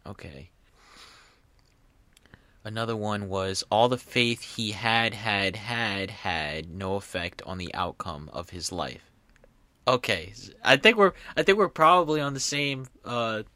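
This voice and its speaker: Bright-voiced young man, dry close mic. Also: on the low side, dry recording. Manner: laughing, incredulous, stumbling over words. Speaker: podcast host. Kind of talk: casual solo podcast chat reading aloud.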